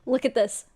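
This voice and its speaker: A young woman streamer telling a story to her viewers in a casual, excitable way, swearing a lot. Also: sits high.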